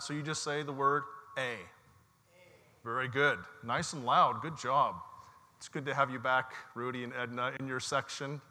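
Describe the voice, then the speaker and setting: A man preaching an Easter sermon as pastor, telling the story slowly and leading his congregation in call-and-response. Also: on the high side, pushed and bright, big-room sound. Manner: slow, measured storytelling with call-and-response prompts. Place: church sanctuary.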